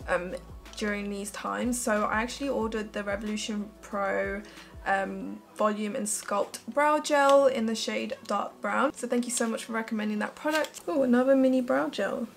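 A woman's voice: medium pitch, normal speed, creaky, soft background music. A young woman chatting through a makeup tutorial as a beauty vlogger, gushing and emotional. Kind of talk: casual makeup tutorial chat.

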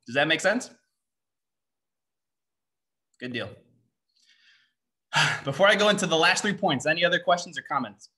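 A man's voice: a little high, animated, pushed and bright. A young man giving a motivational seminar to students, firing off rhetorical questions and ending points with "right?". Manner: rapid-fire rhetorical questions, frequent "right?". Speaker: seminar speaker and mindset coach.

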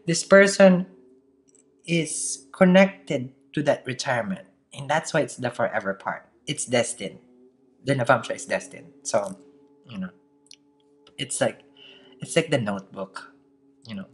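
Tarot reader, solo to camera. Chatty, laughs a lot, slight accent, mid-pitched voice. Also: animated, moderate pace. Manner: chatty, laughs often, keeps asking "okay?". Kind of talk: casual daily tarot reading to camera.

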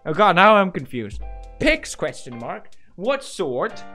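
A man's voice: high voice, very animated, slow, bright, forceful tone, faint music behind. A young man hosting a comedic meme-reaction show, exclaiming, laughing and mock-outraged as he reacts. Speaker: host.

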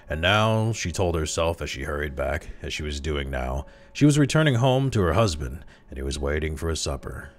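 Very deep-voiced male storyteller. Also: soft background music. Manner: expressive, slows down for tense moments. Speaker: story reader. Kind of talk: dramatic story narration.

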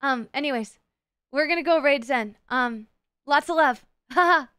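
A woman's voice: high voice, normal speed, bright, forceful tone, no room sound, studio quality. A woman streamer chatting casually with her live chat, playful and teasing, swearing freely. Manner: playful, crude, swears a lot, teases chat.

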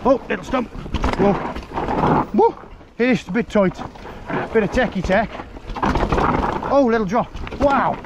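Guy, helmet-cam bike vlog, unhurried shouts and laughs, muffled audio with loud trail noise outdoors. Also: high-pitched. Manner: exclaiming and laughing, breathless bursts. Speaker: mountain biker filming his ride. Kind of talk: excited ride commentary. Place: outdoors on a wooded hill trail. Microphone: helmet camera.

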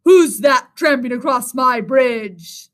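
A woman voicing a great big ugly male troll under a bridge in a storybook reading, with a low, gruff, threatening delivery. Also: takes it slowly. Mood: menacing.

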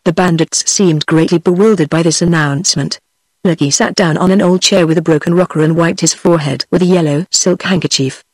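A woman with a British English accent, a synthetic voice, narrating a storybook in an even, unhurried reading. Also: lowish voice, dry recording. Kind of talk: audiobook narration.

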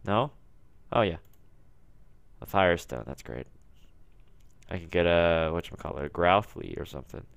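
A young man giving casual gaming commentary, talking to himself as he plays and bursting into yells when things go wrong. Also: sits low, expressive, moderate pace, gravelly, pauses often, no echo, lo-fi sound. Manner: talks to himself, erupts into yelling when frustrated. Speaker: gaming YouTuber. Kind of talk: let's play commentary.

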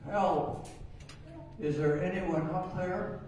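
A man's voice: a little high, expressive, drawn-out words, a crowd in the background. A man in his nineties voicing a desperate man dangling from a cliff, crying out in panic. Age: 90s. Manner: pleading, panicky cries. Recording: echoey hall, voice from far off.

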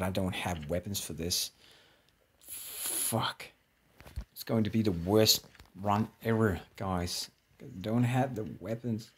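Man, slow drawl, lowish voice, jittery gameplay commentary, swears a lot. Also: slightly rough. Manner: jittery, swearing, talks to himself. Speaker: gameplay streamer.

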